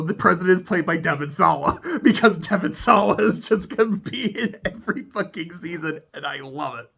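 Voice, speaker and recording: Casual tv episode recap, excitable, profane, laughs a lot, medium pitch. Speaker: TV show reviewer.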